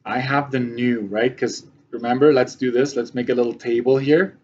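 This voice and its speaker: A man's voice: medium pitch, fairly even intonation, moderate pace, darkish tone, lo-fi sound. A male math teacher giving a classroom lesson, often checking that his students follow.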